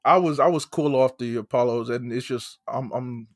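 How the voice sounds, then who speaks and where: A man co-hosting a casual group chat, talking in an animated way and often mimicking other people's voices. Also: mid-range voice, moderate pace, no echo, clean studio sound. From United States. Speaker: podcast co-host.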